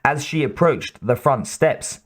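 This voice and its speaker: A man reading an audiobook in a measured, even narration. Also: mid-range voice.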